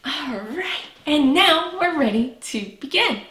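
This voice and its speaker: A woman with a high, bright voice leads an early-learning lesson, unhurried and patient, drawing out each sound for small children. Her voice rings a little in an echoey room. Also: animated. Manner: slow, patient, encouraging, stretches out sounds. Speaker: preschool teacher.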